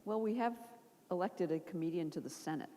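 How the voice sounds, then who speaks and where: A moderator running a live onstage interview in a brisk way, keeping the talk on track. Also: mid-range voice. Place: large event hall with a live audience. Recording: reverberant hall with a loud audience and noise.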